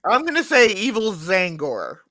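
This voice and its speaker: A man co-hosting a podcast, giving short, unhurried answers in a quiz. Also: high-pitched, huge pitch swings, sharp tone, no echo. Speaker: podcast co-host playing a quiz. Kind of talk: casual podcast chat.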